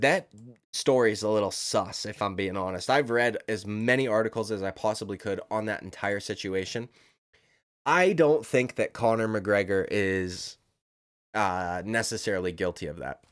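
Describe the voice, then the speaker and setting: A man giving casual, profane, rambling commentary as a YouTube commentator, talking emphatically. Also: fairly low pitch.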